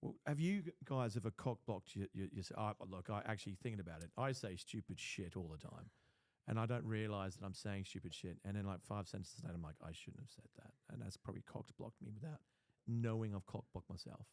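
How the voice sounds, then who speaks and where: A man's voice: on the low side, brisk, hardly any pauses, darkish tone, no echo, clean studio sound. A man hosting a podcast, prodding a guest with questions and often stammering as he starts a sentence. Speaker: podcast host. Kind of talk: casual podcast chat.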